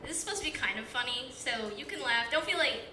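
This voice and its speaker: The eighteen-year-old woman speaks fast and expressively in a high voice, telling a self-deprecating, rambling story stuffed with filler words at a stand-up open mic. A live audience fills the small comedy club, recorded distantly in an echoey room with background noise.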